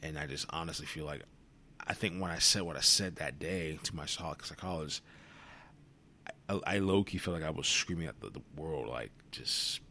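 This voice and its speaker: A man's voice: extremely low pitch, normal speed, pushed and bright, slight background noise. A worn-out young man hosting a solo podcast, rambling wearily and swearing freely, sometimes dropping to a whisper. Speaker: podcast host. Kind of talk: solo reflective monologue.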